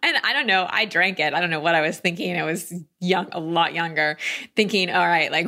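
A woman host chatting casually and sharing a quick story of her own. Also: lowish voice, animated, sharp tone. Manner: supportive listener, short affirmations. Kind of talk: casual chat.

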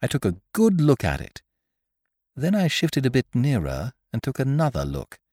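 A man reading a comic story aloud in first person, with an expressive, theatrical delivery. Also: medium pitch, moderate pace, no room sound, studio quality. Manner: lively and theatrical, bright comic timing. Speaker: audiobook reader.

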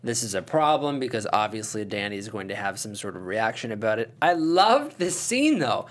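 Really low voiced lady host rambling through an episode recap, voice goes all over. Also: very animated, moderate pace. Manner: rambling with fillers. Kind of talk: casual chat recapping a TV episode.

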